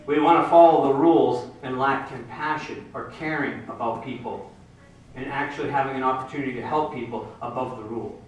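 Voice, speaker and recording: A pastor preaches a sermon, retelling a Bible story in a lively storyteller's manner and slipping into the characters' voices. His voice sits high for a man. It reaches the mic from some distance and rings through a very echoey hall.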